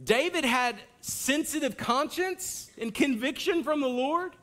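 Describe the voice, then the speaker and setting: Bright, lively preacher man. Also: very high voice, a little slow. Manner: animated storytelling, acts out hollering and kids' lines. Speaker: pastor. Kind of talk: sermon. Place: church sanctuary.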